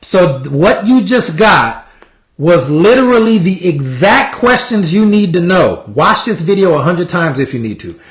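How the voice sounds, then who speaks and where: A man's voice: sits high, very animated, unhurried, roomy sound. A man giving casual sales coaching, acting out sample conversations with prospects. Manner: casual, repetitive, acts out sample dialogue. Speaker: sales trainer. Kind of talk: motivational sales coaching talk.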